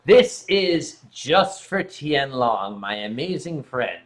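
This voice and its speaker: A man's voice: mid-range voice, big pitch swings, takes it slowly, noisy background. A man hosting a casual late-night livestream from his home sofa, joking around and swearing freely. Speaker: livestream host.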